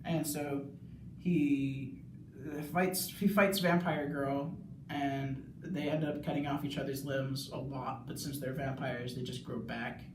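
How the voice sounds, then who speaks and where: A young male student rambling through a casual plot recap, full of "like"s, now and then yelling. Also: mid-range voice, steady tone, unhurried, background noise. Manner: rambling, many "like"s, bursts of yelling. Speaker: student video reviewer. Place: bathroom. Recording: echoey bathroom, mic far off.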